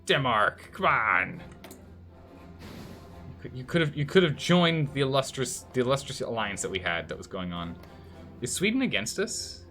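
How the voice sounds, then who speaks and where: A man's voice: medium pitch, big pitch swings, brisk, fairly bright tone, faint music behind. A man streaming a strategy game and commenting live, thinking aloud and scolding the game's nations in mock outrage.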